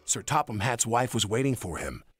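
A man reading a storybook tale aloud as narrator, with expressive delivery. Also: medium pitch, normal speed, over music.

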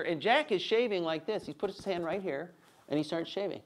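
A man in his thirties gives a teaching talk built on lively stories about fatherhood. His voice sits a little high for a man, and he pokes fun at himself as he goes. The delivery is animated and playful. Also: a little fast. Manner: animated storyteller, self-mocking jokes. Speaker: speaker.

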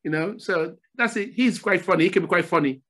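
An older man from Nigeria, a former footballer, telling stories as a podcast guest in a relaxed chat, often repeating his phrases. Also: high-pitched, fairly quick. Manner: repeats phrases, animated storytelling. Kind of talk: casual storytelling interview.

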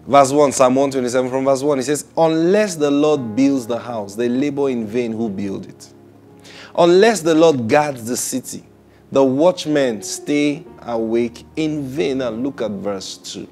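A man delivers a sermon in a mid-pitched, gravelly voice. He is emphatic and builds to loud, high peaks, laughing easily between points. Faint music plays behind him. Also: moderate pace. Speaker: preacher.

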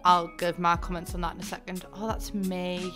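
A woman in her twenties with a Northern English accent, chatting excitedly as she reacts to a game trailer for her channel. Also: fairly low pitch, moderate pace, music in the background. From northern England. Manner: chatty, excitable, rambling asides. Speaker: gaming YouTuber.

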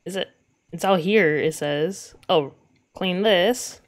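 A woman's voice: on the low side, slow. A woman giving let's play commentary on a game, giggly, often breaking into laughter and exclaiming in disgust. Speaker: gaming video creator.

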